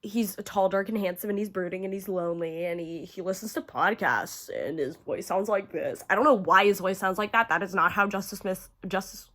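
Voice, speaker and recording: A woman's voice: mid-range voice, fairly even intonation, fairly quick, hardly any pauses, a bit bright. A young woman giving casual, profane ranking commentary to camera, chatty and full of fillers, gushing about favorites. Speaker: horror video creator.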